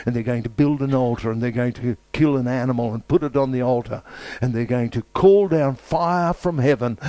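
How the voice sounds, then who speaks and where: A man preaching a sermon with emphatic, repetitive phrasing and dramatic pauses. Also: mid-range voice, warm tone.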